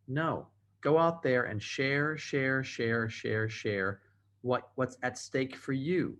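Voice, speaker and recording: Over a video call, a motivational speaker delivers a training talk, emphatic and repeating phrases for effect. His voice is mid-range and fairly bright, and he speaks slowly.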